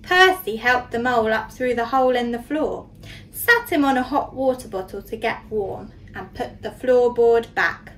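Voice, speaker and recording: A nursery teacher reading a storybook aloud to young children, expressive and pausing to ask questions. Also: female voice, a little high, recorded from a distance, slight background noise, poor audio.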